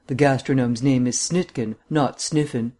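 A languid, pedantic gentleman detective who drawls his ornate quips with mild mockery, as a male reader voices him. The voice sits at an ordinary middle pitch and stays close to the reader's own. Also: normal speed, natural voice. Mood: mocking. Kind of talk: audiobook reading.

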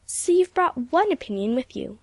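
A woman putting on a proud young girl with a high, bright voice, haughty and cool until she stammers in a fluster. The storybook reading sounds dry and close. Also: lively intonation, normal speed, gravelly, breathy edge, dry recording, full character voice. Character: proud, prickly teenage girl reporter.

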